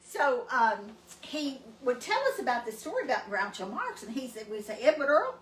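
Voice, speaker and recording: A woman's voice: fairly high pitch, big pitch swings, normal speed, a bit bright. A woman from East Texas with a Southern accent, telling rambling, folksy family stories in casual chat. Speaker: cooking show co-host. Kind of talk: casual storytelling. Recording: echoey room, mic at a distance, faint noise.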